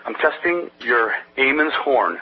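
A man's voice: mid-range voice, expressive, a little slow, husky. A man promoting his brain-training program in an interview, rambling and salesy, telling anecdotes. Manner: salesy, rambling, tells anecdotes with quoted voices. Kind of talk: energetic pitch of his program in a phone-style interview. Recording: dull lo-fi audio with faint hiss.

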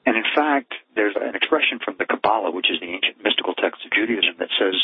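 A man's voice: fairly low pitch, animated, fast talker, breathy edge, no room sound. A middle-aged man, a cardiologist guest, telling a personal story in an earnest, heartfelt way. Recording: tinny phone line, dry.

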